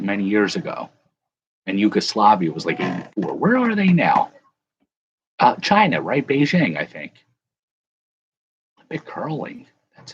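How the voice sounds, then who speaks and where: A man's voice: mid-range voice, muffled recording, slight background noise. A man hosting a casual live chat, rambling and correcting himself as he answers viewers. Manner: rambling, self-correcting, chuckling. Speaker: livestream host.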